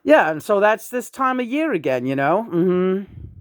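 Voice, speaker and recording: A woman's voice: medium pitch, very animated, a little slow, dry recording, clean studio sound. A woman in her sixties chatting casually in a rambling, profane way, often breaking into chuckles. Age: 60s. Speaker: vlogger.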